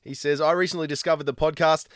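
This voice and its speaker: A man with a smooth, resonant voice reads listener mail on a podcast. He teases the others and laughs easily. The recording is close and dry. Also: on the high side, steady tone, fast, fairly bright tone, no room sound. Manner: laughing, teasing. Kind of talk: casual banter.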